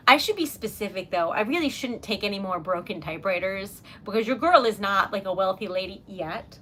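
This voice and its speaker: A woman's voice: mid-range voice, expressive, normal speed, slight background noise. A woman hosting a live stream, chatting casually and giggling as she talks to her viewers while typing. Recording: loud typewriter clacking behind voice. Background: typewriter keys and bell.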